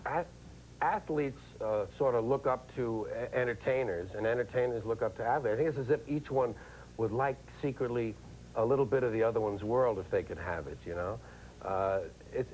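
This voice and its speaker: A middle-aged man, a comedian guest who chats wryly and lively, slipping into impressions. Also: medium pitch, a little hiss or hum, poor audio. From New York. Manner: wry, animated, slips into impressions. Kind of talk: casual chat.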